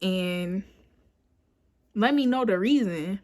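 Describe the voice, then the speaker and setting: A young woman in her twenties chats through a personal story, rambling and loose, leaning on filler words. Her voice sits at an ordinary middle pitch. It is caught on a phone camera indoors at home. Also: slow pace. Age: 20s. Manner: chatty, rambling with frequent "like" and "you know"; animated when quoting herself. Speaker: vlogger. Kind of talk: casual storytime.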